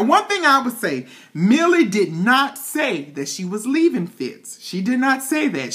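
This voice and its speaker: A woman's voice: medium pitch, a bit bright. A woman reviewing a TV episode in a sassy, gossipy vlog, swearing freely and calling the viewer honey. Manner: sassy, dishy, swears a lot, calls the viewer "child" and "honey". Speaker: TV show reviewer. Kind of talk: casual gossipy recap vlog.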